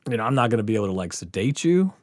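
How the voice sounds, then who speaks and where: A man hosting a comedy podcast, telling a story in a casual, animated way, swearing freely and laughing as he goes. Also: on the low side, rapid-fire, no echo, clean studio sound. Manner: animated, profane, laughing through his story.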